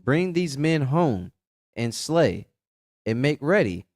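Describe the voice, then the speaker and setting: A man reading archaic scripture aloud in a steady, plain way during a Bible study. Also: mid-range voice, slow, dry recording, clean studio sound.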